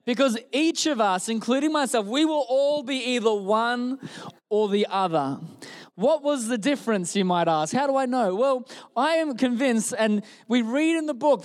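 A man preaching a sermon in church, an animated storyteller who jokes with the congregation. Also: very high voice, smooth.

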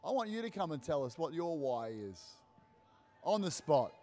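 A male pastor preaching in a church hall on a handheld mic, his voice a touch high. He is animated and rousing, circling back over his phrases to drive them home. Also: normal speed. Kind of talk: sermon.

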